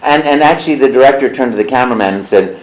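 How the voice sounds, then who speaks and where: Guy telling a story all animated, bits of character voices, mid pitch, echoey room. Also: racing. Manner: lively storyteller who slips into character voices. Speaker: voice actor guest. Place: convention interview room.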